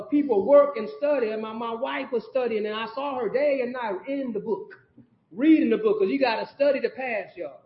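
A man, stacking emphatic repeated phrases and calling out to the congregation. The sound is dull and lo-fi, with the boomy echo of a church sanctuary. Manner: preaching with call-and-response asides to the congregation. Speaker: pastor. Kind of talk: sermon.

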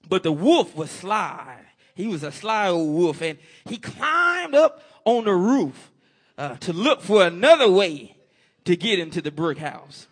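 A man's voice: high-pitched, very animated, unhurried, a bit bright, breathy edge. A man preaching a folksy sermon, telling a story and calling out amen.

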